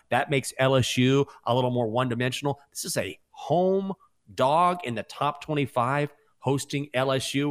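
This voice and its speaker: A man's voice: medium pitch, fairly bright tone. A man co-hosting a sports betting podcast, breaking down his picks with confidence and a few self-mocking dad jokes. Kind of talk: casual sports betting talk.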